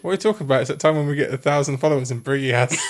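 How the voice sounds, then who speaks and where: A man's voice: a little high, huge pitch swings, fast, fairly bright tone. A man co-hosting a podcast, giving sarcastic, opinionated takes in casual chat. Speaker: podcast co-host.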